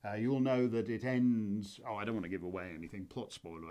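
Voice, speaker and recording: A man's voice: fairly low pitch, fairly even intonation, fairly quick, warm tone. A man hosting his own commentary show, talking off the cuff in a rambling, wry way with many fillers and restarts. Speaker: host. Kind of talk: casual spoken commentary.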